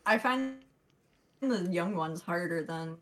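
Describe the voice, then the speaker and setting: Teasing woman with a lower voice. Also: lively intonation, fairly bright tone, poor audio. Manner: teasing, playful and quick to laugh. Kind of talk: casual podcast chat.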